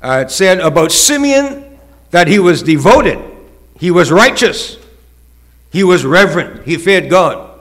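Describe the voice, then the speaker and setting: A man's voice: high voice, lively intonation, measured pace, pauses often, fairly bright tone. A male pastor preaching a sermon, with rising, emphatic calls and acted-out quotes.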